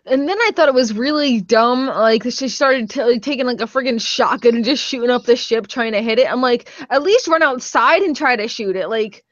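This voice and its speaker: A woman's voice: fairly high pitch, brisk, few pauses, a bit bright, dry recording. A woman chatting casually in a film review, filling her talk with "like", laughing easily and swearing now and then. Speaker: movie reviewer. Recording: dull lo-fi dry sound.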